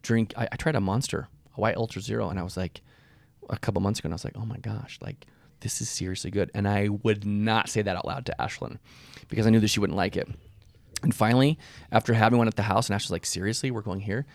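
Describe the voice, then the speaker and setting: A man's voice: on the low side, steady tone, fast talker, gravelly, no echo. A man in his thirties co-hosting a podcast, telling candid personal stories in casual chat and laughing often. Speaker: podcast co-host, husband.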